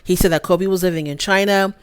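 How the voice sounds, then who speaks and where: A woman's voice: lowish voice, steady tone, quick pace, clear, resonant tone. A woman giving casual, opinionated commentary as a reality TV reviewer, calling her viewers y'all.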